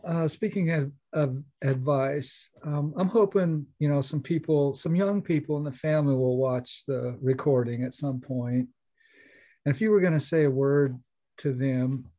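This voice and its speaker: A man's voice: fairly high pitch, warm tone. A man in his seventies interviewing a relative, asking questions in a hesitant, friendly way. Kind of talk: family interview.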